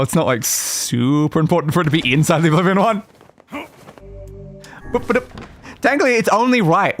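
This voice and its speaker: A man streaming a video game, chatting casually and chanting playful sing-song nonsense while he plays. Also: high-pitched. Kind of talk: casual gameplay commentary.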